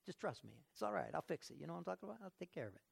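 God with a put-on Italian accent, as a preacher voices him. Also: male voice, on the high side, big pitch swings, very fast, gravelly, slightly rough, dry recording, exaggerated voice. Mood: reassuring. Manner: easygoing, reassuring, chiding.

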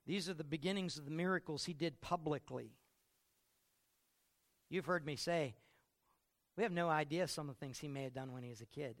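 A man's voice: fairly high pitch, brisk, long pauses. A middle-aged man preaching a sermon with playful storytelling, acting out scenes. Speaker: pastor.

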